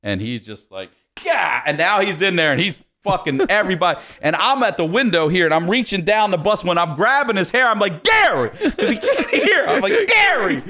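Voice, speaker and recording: Male podcast guest, rowdy raconteur, swings his pitch up and down. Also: quick pace, few pauses. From Baltimore, USA. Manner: lively, profane, laughs while telling. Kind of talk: animated storytelling.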